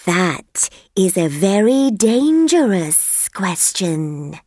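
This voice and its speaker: A woman voicing a slow, wary snake in a storybook reading, speaking slowly and gravely. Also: mid-range voice, sing-song, a little mellow, dry recording, heavily acted.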